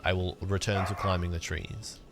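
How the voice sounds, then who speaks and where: A young man casually chatting to his livestream chat while he plays a game, joking around and breaking into sudden excited outbursts. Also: low voice, normal speed, over loud music. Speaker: streamer.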